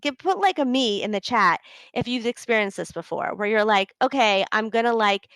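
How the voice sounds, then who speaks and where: Woman host, 30s, relationship coach; casual, filler-heavy, slightly high, dry close recording. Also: big pitch swings, normal speed, a bit bright, no echo, low-quality recording. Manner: chatty, many fillers, acts out quoted inner thoughts. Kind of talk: casual live coaching talk.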